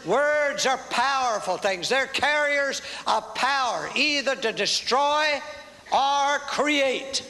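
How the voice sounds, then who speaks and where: A man's voice: very high-pitched, takes it slowly, bright, forceful tone. A man preaching a fervent sermon as pastor, calling for responses from the congregation. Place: church sanctuary. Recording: reverberant church hall with faint noise.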